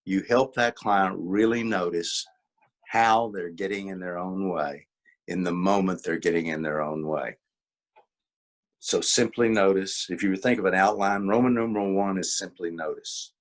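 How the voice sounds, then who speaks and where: A man's voice: sits low, moderate pace. A man presenting a workshop as an author, talking informally, repeating key points with emphasis and acting out quoted exchanges. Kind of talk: informal teaching talk.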